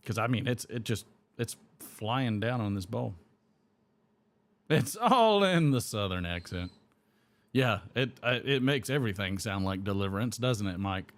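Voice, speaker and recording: A man's voice: lowish voice, expressive, a little slow. Rambling man chatting on a live stream. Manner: rambling, reads chat comments aloud and chuckles. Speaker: host of a live pipe-smoking stream. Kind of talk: casual live-stream chat.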